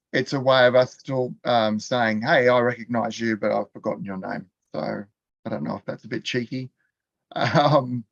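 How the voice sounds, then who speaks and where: A man's voice: medium pitch, a bit bright, no echo, lo-fi sound. Chatty Australian man teaching an online class. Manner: chatty, laughs often, quizzes the chat. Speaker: continuing education teacher.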